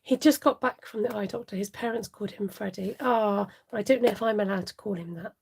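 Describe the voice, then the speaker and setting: Chatty gravelly-voiced woman crafter. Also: medium pitch, quick pace, a little mellow, slight background noise. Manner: chatty, laughs often, mutters asides while working; talks straight to viewers and reads out their comments. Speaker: papercraft demonstrator hosting a live stream. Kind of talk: chatty live craft tutorial.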